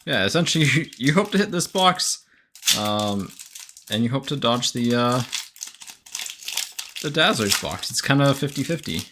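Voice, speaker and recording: A man's voice: medium pitch, normal speed, long pauses, noisy background. A man hosting a card break, reading out player names and teams in a casual, self-correcting way with lots of fillers. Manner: reads out player names and teams in a steady list, with frequent "uh" fillers. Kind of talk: live card-opening commentary.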